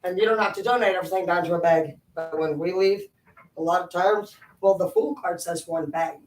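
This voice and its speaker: A woman vlogging at home in a rambling, profane, animated monologue. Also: on the low side, brisk. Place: home, indoors. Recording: echoey room, voice from a distance.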